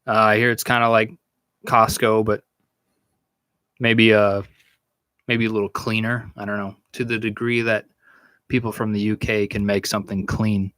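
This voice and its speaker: A young man hosting a podcast, answering chat questions in a rambling, halting, profane way and laughing often. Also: on the low side, little pitch movement, a bit bright, no echo. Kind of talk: casual live Q&A chat.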